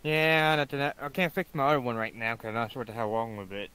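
A man's voice: mid-range voice, fairly even intonation, fast talker, bright, forceful tone, clear, resonant tone. A man in casual online voice chat, blunt and mumbly, speaking in broken grammar. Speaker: world builder in a social VR group.

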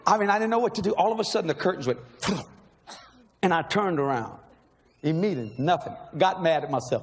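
A middle-aged man, telling a story in a sermon with animated energy, laughing and shouting at the peaks. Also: sits high, quick pace. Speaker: preacher. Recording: long reverb in a large hall, faint noise.

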